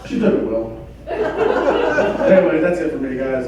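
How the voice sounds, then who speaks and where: A middle-aged man doing a stand-up comedy set in a club, delivering crude jokes in a deadpan way. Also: a little high, unhurried. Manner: crude deadpan one-liners. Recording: echoey club from far off, crowd laughter. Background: audience laughing.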